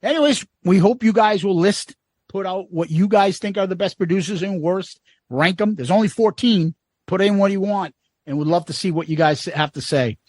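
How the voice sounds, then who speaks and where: Man, podcast co-host, blunt, profane, rambling, fairly high voice, dry sound. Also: moderate pace, darkish tone, no echo. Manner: blunt, swears freely, rambling. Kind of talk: casual chat.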